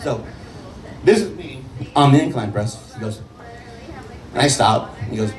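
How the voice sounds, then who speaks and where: A man doing a first stand-up set, rambling and halting with many restarts. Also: medium pitch, animated, distant mic, faint music behind, poor audio. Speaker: stand-up comedian.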